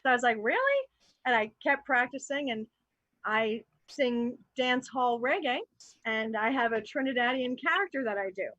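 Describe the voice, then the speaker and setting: Bright-voiced woman from New Jersey. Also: on the high side, moderate pace, dry recording, dull audio. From New Jersey, USA. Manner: animated, candid, thinks aloud with fillers. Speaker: actor and improv performer. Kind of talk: casual panel chat on a live show.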